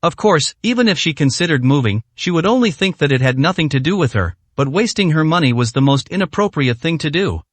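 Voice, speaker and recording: A man narrating a translated web novel in a steady reading voice with occasional slips. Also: a little high, fairly quick, hardly any pauses, no room sound.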